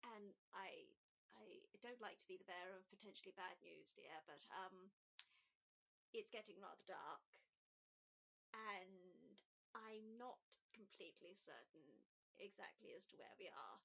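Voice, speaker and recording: A woman's voice: mid-range voice, animated, unhurried, creaky, fairly bright tone, pitched below the performer's own voice, heavily acted, low-quality recording. A woman voicing a prim, polite older woman scholar who hesitates and calls people dear. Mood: flustered.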